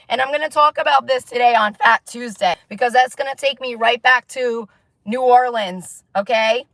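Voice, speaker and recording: A woman's voice: fairly high pitch, fairly bright tone, no room sound. A woman vlogger giving a heated, profane monologue to camera, repeating herself and pressing "okay?" after her points. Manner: repetitive, insistent, peppers talk with "okay?".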